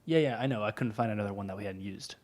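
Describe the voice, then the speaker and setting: A man's voice: on the low side, racing, darkish tone. A young man co-hosting a podcast in casual banter, his voice slightly worn, chatty with frequent fillers and laughs. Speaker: podcast co-host.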